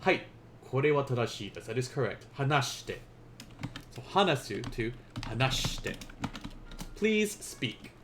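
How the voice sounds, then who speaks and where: A man's voice: medium pitch, very animated, measured pace, pauses often, a bit bright, a little hiss or hum. A young man teaching a casual beginners' language lesson on a live stream, playful and chatty, often laughing at his own asides.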